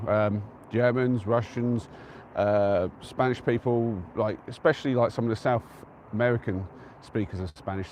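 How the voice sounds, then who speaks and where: Guy from england rambling on a hilltop live stream, chill and chatty, reading out the chat as he goes, middle pitch. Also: darkish tone, a little hiss or hum. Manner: chatty and easygoing, answers viewer comments aloud. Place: outdoors on a windy-free open hilltop at a trig point.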